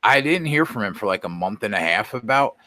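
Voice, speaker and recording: A man co-hosting a casual sports betting podcast, blunt and quick to swear. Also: lowish voice, lively intonation, crowd noise. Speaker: podcast co-host.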